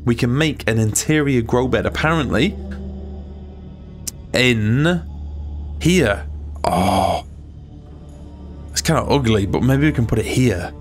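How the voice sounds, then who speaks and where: Over soft background music, a man narrates a let's-play for his gaming channel, animated yet slow, with long pauses at medium pitch. He's jittery, curses heavily and keeps talking to himself.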